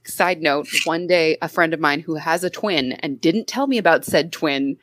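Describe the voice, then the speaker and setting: A woman's voice: low-pitched, normal speed, no room sound, rough recording. A woman playing a tabletop game, talking casually with a giggly manner. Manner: giggly, animated. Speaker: player.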